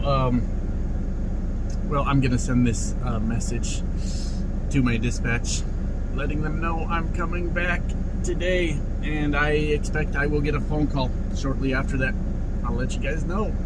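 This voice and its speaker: Rambling male trucker over loud road noise. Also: mid-range voice. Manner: rambling, candid, frequent ums and uhs, swears casually; gets loud while driving. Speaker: truck driver vlogger. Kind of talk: casual vlog monologue. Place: inside a car while driving. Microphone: camera in car. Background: car and traffic noise.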